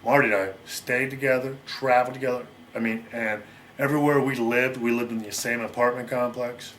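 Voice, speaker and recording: Middle-aged American man, interview guest, rapid rambling storyteller, faint noise bed. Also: medium pitch, steady tone, fairly bright tone. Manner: rapid, rambling, acts out quoted lines.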